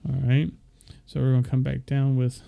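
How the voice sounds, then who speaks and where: A man's voice: mid-range voice, monotone, moderate pace, gravelly, dark tone, clean tone. A young man casually walking viewers through his microphone settings, loose and rambling with fillers. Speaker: streamer explaining audio setup. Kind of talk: casual screen-share tutorial.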